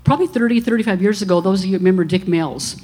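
A woman's voice: mid-range voice, very fast, darkish tone, a little hiss or hum. A woman in her sixties, a minister, giving an earnest testimony to a church congregation and telling stories along the way. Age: 60s.

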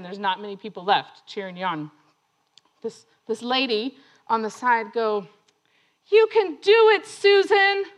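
A woman telling a personal story that turns into a lesson, laughing often and acting out other people's lines. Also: fairly high pitch. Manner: laughing often, animated retelling; acts out other voices in her story. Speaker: speaker sharing a testimony.

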